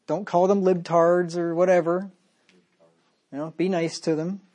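A man's voice: sits high, flat delivery, measured pace, darkish tone. Emphatic male pastor preaching. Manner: emphatic, rhetorical questions to the listeners. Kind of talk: sermon.

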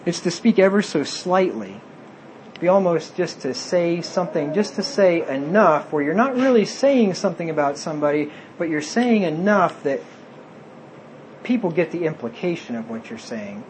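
A man's voice: fairly high pitch, very animated, normal speed, darkish tone, a little hiss or hum, low-quality recording. A man preaching a sermon, reading scripture aloud and explaining it plainly.

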